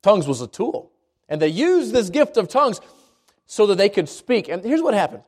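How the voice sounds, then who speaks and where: A man from Albuquerque preaching a sermon at a church service, moving between quick asides and slow, emphatic lines. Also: sits high, big pitch swings, a little mellow. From Albuquerque, New Mexico. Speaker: pastor.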